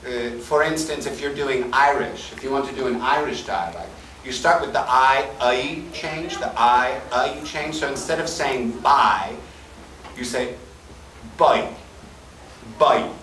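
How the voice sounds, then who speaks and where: Demonstrating sounds and cracking jokes, the man from Chicago takes audience questions at a voice-acting panel in a large convention room. He talks unhurriedly at medium pitch, captured from a distance by a fan's camera in an echoey hall with a little hiss or hum.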